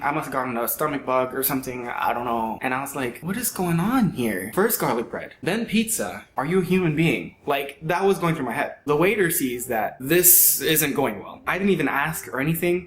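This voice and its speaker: A young man casually telling a story to friends, animated, acting out quoted voices and often saying "like". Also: medium pitch, reverberant. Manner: animated, acts out quoted voices, frequent "like" fillers.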